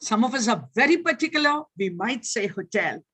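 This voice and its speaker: An older woman with an Indian English accent, giving an online lecture and answering questions in an animated, teacherly way that keeps checking in with her listeners. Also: on the high side, brisk. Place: online video meeting. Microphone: video call.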